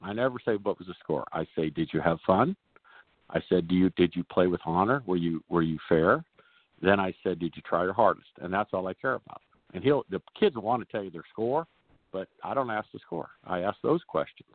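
A male tennis coach, a guest on a radio show, telling stories in a folksy, animated way and acting out the players he quotes. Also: low voice, brisk, no echo. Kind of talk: radio interview storytelling. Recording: dry tinny phone line.

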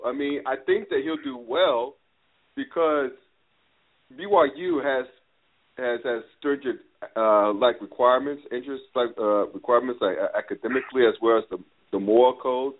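Casual male host, phone-quality audio, loose and excitable, lots of filler. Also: medium pitch, moderate pace. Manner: chatty, laughs and says "dude", stumbles on words. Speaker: podcast host. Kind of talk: casual podcast chat. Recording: phone-like line.

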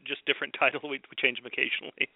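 A man interviewed on the radio as a park executive, relaxed, with some restarts. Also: medium pitch, very fast, gravelly, dry recording. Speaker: theme park executive guest. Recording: dry phone line.

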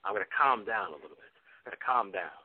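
A man impersonating a loud, husky aging movie star on a phone line. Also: lowish voice, lively intonation, quick pace. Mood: excitable. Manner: bursts into sudden shouted exclamations. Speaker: guest impressionist.

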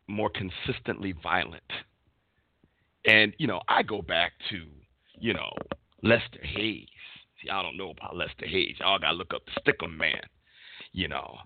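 A man's voice: deep voice, no echo. A middle-aged man hosting a casual sports talk show, rambling and searching for words as he goes. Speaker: podcast host. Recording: dry, phone-like audio.

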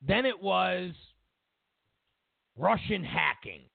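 Male talk show host, opinionated monologue, lively swinging pitch, unhurried and emphatic, dry tinny sound. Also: creaky, breathy edge, no room sound. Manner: animated, emphatic, sarcastic hypotheticals. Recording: tinny phone-like audio.

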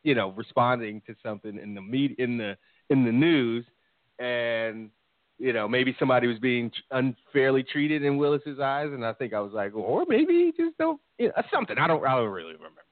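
A man co-hosting a casual chat, animated and laughing, swearing often. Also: medium pitch, fairly quick, dry recording, narrow, tinny audio. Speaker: co-host.

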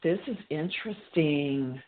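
A woman's voice: low voice, animated, a little slow, phone-quality sound, slight background noise. A woman psychic medium giving a live reading on a call-in show, chatty, relaying messages as quotes.

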